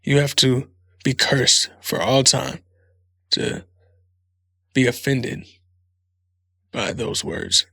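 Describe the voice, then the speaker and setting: Guy hosting a podcast, gravelly voice, swears a lot and rambles, dry close sound. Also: medium pitch, takes it slowly, pauses often, no room sound. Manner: profane, rambling, and animated. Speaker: podcast host. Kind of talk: casual solo monologue.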